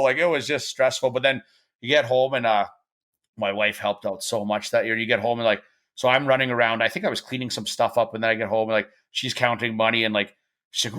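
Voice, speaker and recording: A middle-aged podcast guest tells stories casually in a medium-pitched voice that's steady, a little fast, bright, and forceful. He rambles with frequent restarts and fillers, acting out the voices of the people he quotes.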